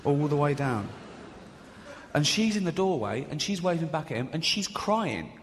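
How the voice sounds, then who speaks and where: Very animated and a little high in pitch, the middle-aged comic works through crude, sarcastic, self-mocking stories at a moderate pace on a big theatre stage. The live hall recording has a little hiss or hum beneath the loud audience's laughter.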